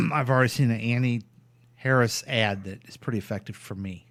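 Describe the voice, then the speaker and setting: A man's voice: mid-range voice, brisk, fairly bright tone. A man co-hosting a talk radio show, chatting casually and bluntly, often indignant and laughing. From Missouri, US. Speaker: radio co-host. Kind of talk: casual political chat.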